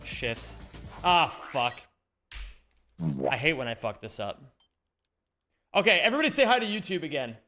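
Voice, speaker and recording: A man streaming a speedrun live, chatting with viewers in an animated, joking way and swearing casually. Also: on the high side, moderate pace, pauses often, soft background music. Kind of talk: live-stream chat while gaming.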